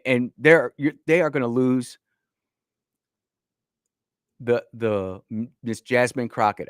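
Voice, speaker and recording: A man's voice: mid-range voice, no room sound, studio quality. A man hosting a political talk radio show, speaking in a folksy, emphatic way with frequent restarts, from Northern Illinois. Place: radio studio.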